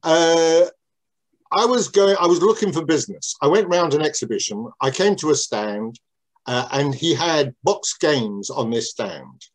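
A man's voice: a little high, animated, unhurried. An older man looks back on his working life in an interview. He talks in a meandering way, doubling back and correcting himself. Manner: rambling, digressive, many restarts. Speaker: interviewee, businessman. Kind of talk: reminiscing interview answers.

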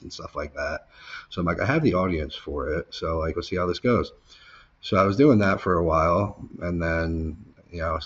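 A man's voice: a bass voice, fairly bright tone, husky, lo-fi sound. A man being interviewed, telling his story casually and with lots of swearing, acting out the people he quotes. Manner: casual, profane, filler-heavy storytelling; acts out quoted people, voice jumping up when heated. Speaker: interview guest.

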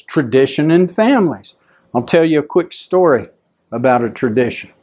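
A middle-aged male pastor, preaching conversationally and acting out the people in his story. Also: a little mellow. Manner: conversational, acts out quoted voices with rising pitch. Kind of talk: storytelling sermon.

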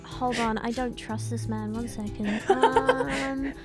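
A woman's voice: on the high side, steady tone, slow, loud music behind the voice. A woman playing a tabletop game, chatting playfully and laughing. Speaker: player. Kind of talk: casual tabletop chat.

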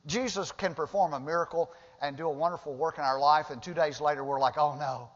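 A man's voice: a little high, fairly even intonation, fast talker. A man preaching in a reverberant sanctuary. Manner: conversational, rising to emphatic bursts in retellings. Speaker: pastor. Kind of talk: sermon. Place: church sanctuary. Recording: dull lo-fi sound with long hall reverb.

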